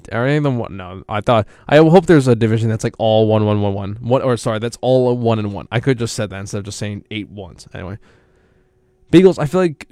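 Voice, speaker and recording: A young man talks sports on a student radio show. He rambles in animated bursts and keeps correcting himself mid-sentence. The studio mic sounds close and dry, with no room around it. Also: medium pitch, smooth, no room sound. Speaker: college radio sports host. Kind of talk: casual solo sports talk.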